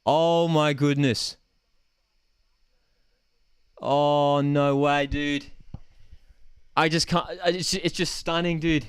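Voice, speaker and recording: A young man hosting a live football watchalong, celebrating loudly and reading out chat messages. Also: on the high side, level tone, slow pace, pauses often, clear, resonant tone, no echo, studio quality. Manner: ecstatic, shouting, calls everyone man and dude.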